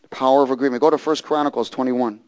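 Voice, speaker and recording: A man preaching a sermon who moves from hushed storytelling to loud, fervent bursts and repeats phrases for emphasis. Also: mid-range voice, steady tone, quick pace. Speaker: pastor.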